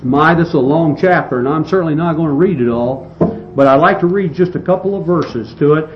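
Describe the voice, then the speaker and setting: A man preaching a sermon, reading scripture and expounding it with slow, emphatic delivery and some restarts. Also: on the high side. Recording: dull lo-fi recording with faint hiss.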